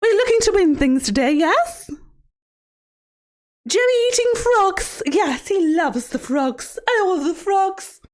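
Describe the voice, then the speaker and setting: Playing a creepy kids' show host on a livestream, a woman uses a very high-pitched, animated, heavily acted voice and takes it slowly. The sweetness is mock and sing-song, punctured by sudden bursts of profanity.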